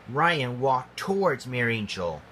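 A man reading a homemade storybook aloud, slow and halting, with grammar slips. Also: mid-range voice, very animated, bright, forceful tone, a little hiss or hum.

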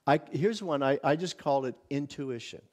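Male pastor, higher-pitched voice with a lively, swooping delivery, casual workshop teaching with frequent restarts. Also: moderate pace. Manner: conversational, many restarts and acted-out inner exclamations. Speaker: visiting pastor.

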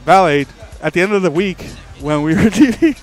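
Male stream host, slightly high voice, swears freely, animated storyteller; light music underneath. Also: brisk. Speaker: livestream host.

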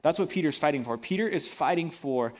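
A man preaching a sermon in a casual, animated way, using everyday slang. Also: a little high, fairly quick.

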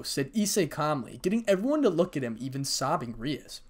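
A man reading a fan story aloud in an expressive, storytelling way. His voice sits a bit high and rises and falls a great deal. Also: brisk, few pauses. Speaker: narrator.

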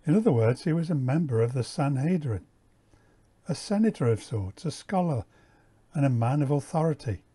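A man giving a measured Bible teaching, repeating key words and explaining the original Greek. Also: mid-range voice, expressive, dark tone, breathy edge. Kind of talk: slow, deliberate Bible teaching.

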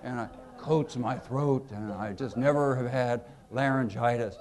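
A man putting on the slow, grand, mellifluous voice of an elderly senator in a humorous anecdote. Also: medium pitch, crowd noise, background noise, close to an everyday voice. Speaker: impression of a politician in an anecdote.

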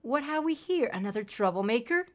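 A woman's voice: on the high side, lively intonation, brisk, natural voice. A woman reading out a grumpy, suspicious male villager's game dialogue in her own voice, scolding and warning. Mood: stern.

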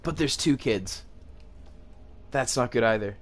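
Young guy doing horror game commentary, mid pitch, jumpy, lots of nervous muttering and cussing. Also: unhurried, faint music behind. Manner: jumpy, swears and laughs nervously, shouts when scared. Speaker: gaming video host.

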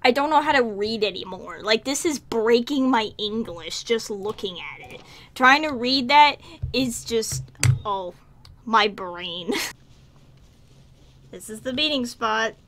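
Bright, giggly woman gamer. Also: on the high side, expressive, slow. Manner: chatty, giggly, reacts aloud. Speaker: gaming channel host. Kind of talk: casual let's-play commentary.

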